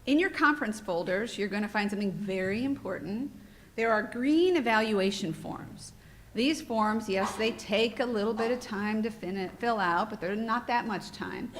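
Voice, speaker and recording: A woman's voice: mid-range voice, a little hiss or hum. A woman giving welcome remarks at a conference, heartfelt and a little off-script, speaking into a microphone in a hotel meeting room. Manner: warm, heartfelt, a bit off-script and emotional.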